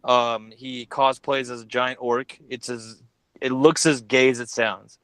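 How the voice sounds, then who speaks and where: A man's voice: mid-range voice, level tone, measured pace, fairly bright tone, clear, resonant tone, no room sound. A man hosting a casual stream chat, joking and rambling as he introduces his guests. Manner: joking, rambling, swears freely. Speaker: host.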